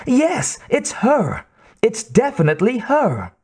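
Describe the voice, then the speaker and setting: A man voicing a nervous young male scientist who pleads in a high, breathless voice. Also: wildly swooping pitch, slow, a little mellow, slightly rough, exaggerated voice. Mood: pleading.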